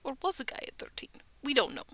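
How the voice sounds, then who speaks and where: A woman in her thirties reading scary stories aloud from home, breaking off for chatty, self-aware asides and soft whispered remarks. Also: high-pitched, very animated, fast talker. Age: 30s. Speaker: streamer reading online stories. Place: bedroom at home.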